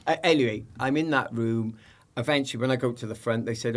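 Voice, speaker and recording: A middle-aged British man, guesting on a podcast, tells lively anecdotes in casual conversation and acts out the people in them. His voice is mid-range and his pace quick.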